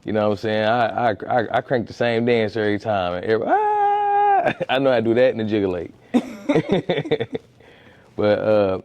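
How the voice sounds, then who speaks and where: A man's voice: normal speed, no echo, lo-fi sound. A man, a comedian, chatting casually in a podcast interview, telling stories and acting out quotes with frequent restarts. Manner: animated storyteller, acts out quotes in a high voice, many restarts. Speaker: comedian and street-interview content creator. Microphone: podcast studio mic.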